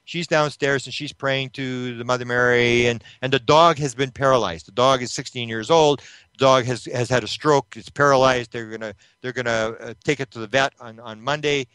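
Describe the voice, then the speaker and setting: A man of middle pitch recounts a story in an interview, close and dry with no room sound. He retells it animatedly, jumping into the voices of the people he quotes and restarting his phrases as he goes. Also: steady tone, moderate pace, fairly bright tone, clean tone, dry recording. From Canada. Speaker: interview guest, UFO researcher.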